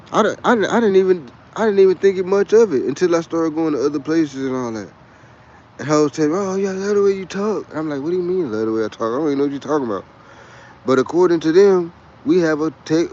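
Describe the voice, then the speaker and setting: A man's voice: a little high, a little mellow, highs cut off, a little hiss or hum. A man with a Texas twang, chatting in a rambling, boisterous and profane way on a casual livestream. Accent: Texan. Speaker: livestream host.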